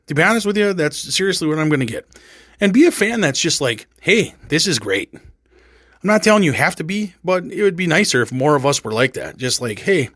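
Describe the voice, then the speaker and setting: Rambling, excitable man in a dry recording. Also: a little high, no room sound. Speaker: sports podcast host. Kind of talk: casual sports chat.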